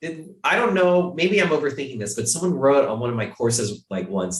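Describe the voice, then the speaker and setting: A man's voice: medium pitch, a little fast, hardly any pauses. Guy from ohio rambling on a podcast, tons of fillers, kinda echoey room. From Ohio, USA. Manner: rambling, many fillers and restarts. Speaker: guest. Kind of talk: casual podcast conversation.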